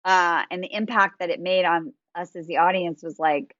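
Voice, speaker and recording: A woman's voice: on the low side, fairly even intonation, normal speed, a bit bright, no echo, highs cut off. A woman hosting a podcast, chatting casually and animatedly about dating with lots of fillers. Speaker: dating coach and podcast host.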